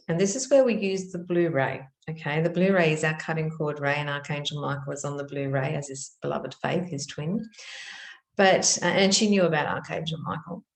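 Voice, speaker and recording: A middle-aged woman teaching about spiritual practice in a gentle, earnest manner, telling stories with soft restarts. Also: deep voice, normal speed, roomy sound. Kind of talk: reflective spoken teaching.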